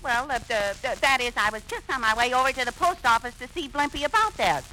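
A woman's voice: high-pitched, expressive, quick pace, sharp tone, low-quality recording. An actress playing a bossy, scheming young woman in a 1940s radio comedy, brash and theatrical. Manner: brash, theatrical, flustered when caught out. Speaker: comic lead. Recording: hissy 1940s radio recording.

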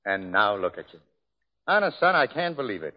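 A middle-aged man hosting a 1930s radio variety show, joking and bantering in a jovial, expressive way. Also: lowish voice, normal speed. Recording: dull old radio recording with long hall reverb.

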